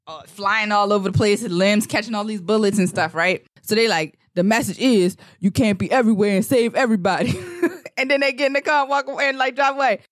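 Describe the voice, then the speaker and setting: A man's voice: high-pitched, a bit bright, dry recording, clean studio sound. A man co-hosting a podcast, casually retelling a film's plot in a rambling way and acting out characters' lines. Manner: rambling storyteller, acts out lines. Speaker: podcast co-host. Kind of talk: casual movie recap.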